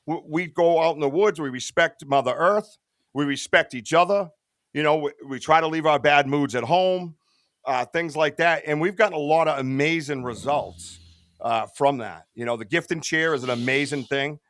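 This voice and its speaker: A man's voice: on the high side, normal speed, fairly bright tone, no room sound, clean studio sound. A middle-aged man in a casual podcast chat, rambling and earnest, tossing in bro and dude. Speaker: podcast guest, Bigfoot researcher.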